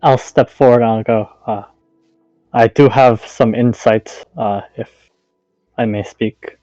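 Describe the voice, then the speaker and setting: A man's voice: medium pitch, steady tone, a little slow, mellow, dry recording, dull audio, soft background music. A man playing a tabletop game who talks politely and hesitantly, with frequent fillers. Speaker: player. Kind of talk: tabletop role-play.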